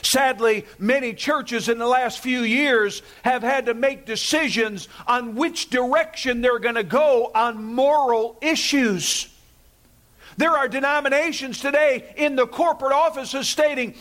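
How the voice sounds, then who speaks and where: A pastor preaches a sermon emphatically, repeating key phrases and having the congregation say words along with him. His voice is extremely high-pitched and fairly bright, delivered at a normal speed.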